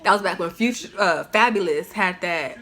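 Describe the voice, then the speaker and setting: A woman telling a personal story in a casual storytime vlog, animated and slangy, with lots of "like" fillers. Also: lowish voice, moderate pace, faint music behind.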